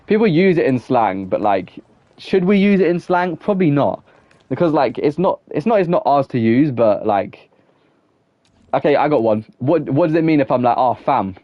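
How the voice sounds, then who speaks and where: A man's voice: fairly high pitch, animated, moderate pace, no echo, highs cut off. A young man streaming a game, chatting casually with viewers in a rambling way, filling his talk with "like" and breaking into laughter. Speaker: gaming streamer. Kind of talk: casual live-stream chat while playing.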